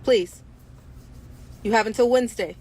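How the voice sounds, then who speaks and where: A woman's voice: a little high, measured pace, warm tone, a little hiss or hum. A woman talking earnestly to her viewers on a stream, in a pleading tone.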